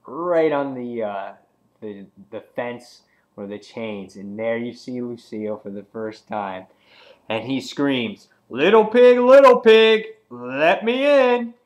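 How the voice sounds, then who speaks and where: A man chatting casually as he reviews a comic book, rambling through the story with plenty of fillers and restarts. His voice sits at an ordinary middle pitch for a man. He talks loosely and unscripted. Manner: rambling, many fillers, acts out quotes. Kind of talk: casual chat.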